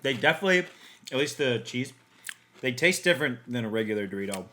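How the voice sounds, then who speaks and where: A young man co-hosting a snack-tasting podcast, talking in an animated, playful way and quick to joke. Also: medium pitch, slight background noise. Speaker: podcast co-host. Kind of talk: casual snack-tasting chat.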